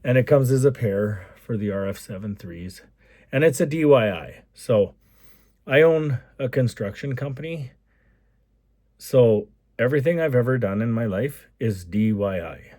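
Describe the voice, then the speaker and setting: A man's voice: mid-range voice, animated, measured pace, dark tone, no room sound, studio quality. A man from Alberta, Canada, who owns a construction company, telling a rambling, enthusiastic story in a casual vlog. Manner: rambling and enthusiastic, with repeated asides.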